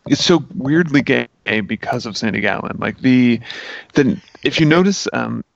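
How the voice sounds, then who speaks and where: A man retelling a movie plot in casual chat, animated and full of fillers. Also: medium pitch, normal speed, gravelly, no room sound, muffled recording. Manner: animated storyteller, many fillers.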